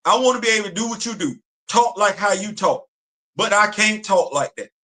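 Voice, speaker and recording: Fired-up man with a high bright voice. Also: expressive, fairly quick. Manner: emphatic, repetitive, street slang and rhetorical questions. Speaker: host. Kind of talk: impassioned commentary. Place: home studio on a live stream.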